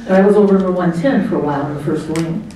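A middle-aged woman, guest of honor at her party, talks very fast in a warm, fairly low voice. She shares anecdotes in a chatty way, laughing often and imitating what people said. The audio is distant and echoey, captured in a hotel banquet room with slight background noise.

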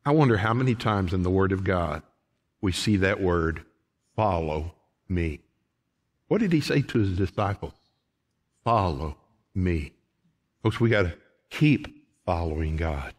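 A middle-aged man preaching a sermon in a church, folksy, calling the congregation folks, swinging from shouted lines to quiet ones. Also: sits low, breathy edge. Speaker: pastor. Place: church sanctuary.

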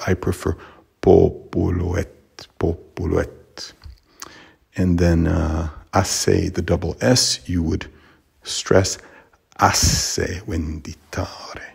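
A man teaching Latin pronunciation, slow and careful, pausing often with fillers. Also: low-pitched, gravelly, darkish tone, breathy edge.

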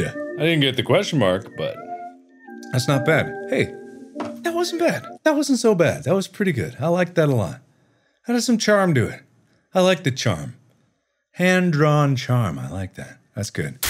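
A man in his thirties hosting a let's play, talking to himself through a horror game and breaking into high yelps and shouts. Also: moderate pace, soft background music. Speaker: gaming video host. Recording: steady background noise.

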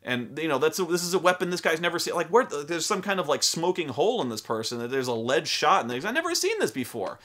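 A man's voice: on the high side, quick pace, hardly any pauses, fairly bright tone. A young adult man hosting a casual talk about tabletop role-playing games, rambling and profane, full of acted-out quotes. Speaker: host.

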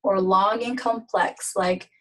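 Slow, halting woman teaching pronunciation. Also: medium pitch, steady tone, a bit bright, poor audio. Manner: slow, halting, with many fillers. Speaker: language teacher. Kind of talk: casual language lesson.

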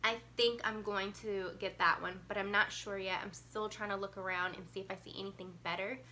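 Congested, breathless young mom vlogger. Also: female voice, medium pitch, steady tone, brisk, bright, forceful tone, a little hiss or hum. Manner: chatty, lots of ums and likes. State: congested, getting over a cold. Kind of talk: casual chat to camera.

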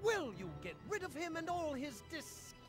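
Video game townsperson, frantic, breathless announcing, very high voice, lively swings, music behind. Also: male voice, brisk.

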